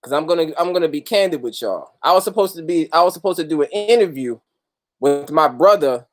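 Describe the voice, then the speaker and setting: A man's voice: on the high side, animated, a little fast. A man hosting a casual livestream, greeting viewers by name and talking loosely with street slang and plenty of profanity. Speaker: host of a livestream talk.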